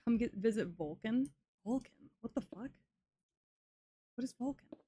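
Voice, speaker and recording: A young woman chatting casually with her viewers while playing a game, swearing often and reacting loudly to chat messages. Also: a little high, animated, moderate pace, husky. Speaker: streamer. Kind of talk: casual live-stream chat while gaming.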